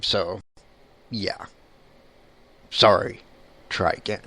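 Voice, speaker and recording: A man's voice: low-pitched, steady tone, very slow, gravelly, bright, forceful tone. A man who is a paranormal investigator, talking bluntly in a casual monologue and swearing casually.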